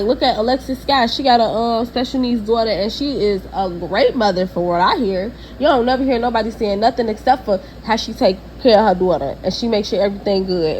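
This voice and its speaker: A young woman, giving blunt, profane, animated celebrity gossip commentary. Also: a little high, slight background noise, low-quality recording.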